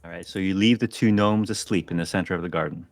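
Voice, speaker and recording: Low-voiced man running a tabletop game. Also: quick pace. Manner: relaxed, hesitant with fillers. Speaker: game master. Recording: faint music behind.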